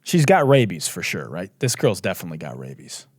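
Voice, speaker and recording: A man's voice: deep voice, wildly swooping pitch, brisk, no echo, clean studio sound. A man hosting a comedic commentary show, ranting sarcastically. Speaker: host.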